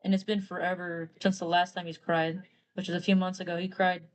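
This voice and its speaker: A woman's voice: lowish voice, level tone, a little fast. A woman retelling a story casually while drawing on a live stream, rambling and quoting characters with "he's like". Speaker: artist streamer.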